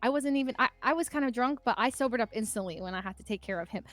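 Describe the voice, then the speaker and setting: Young female podcast guest, high-pitched, animated casual storyteller, faint music underneath. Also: very fast. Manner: animated, lots of "like" fillers.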